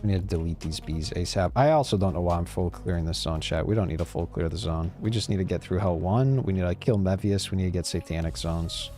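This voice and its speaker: Deep-voiced and dark in tone, this male live streamer talks quickly with few pauses as he rambles to his chat over gameplay. He's easygoing and swears occasionally, and soft background music runs underneath.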